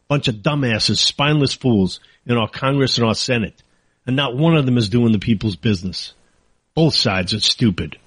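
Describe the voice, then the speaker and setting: A man's voice: medium pitch, slightly rough, dry recording. A man hosting a political talk show, ranting angrily and sarcastically in a monologue. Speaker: talk radio host.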